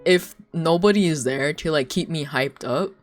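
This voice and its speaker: A young woman streamer with a low-pitched voice chats casually at a moderate pace while she draws, faint music behind her. She tells stories in an animated way, giggling a lot.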